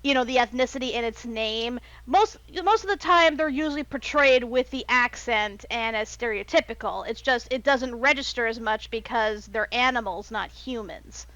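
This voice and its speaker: A woman's voice: fairly high pitch, normal speed, hardly any pauses, fairly bright tone, dry recording, highs cut off. A woman co-hosting a podcast, talking casually with many fillers. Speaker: podcast co-host. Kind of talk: casual chat.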